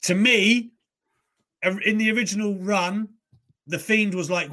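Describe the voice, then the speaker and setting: Young man, talk show host, bright voice, fairly high pitch, animated rants. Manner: animated, ranting, swears freely. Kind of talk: casual wrestling talk show chat.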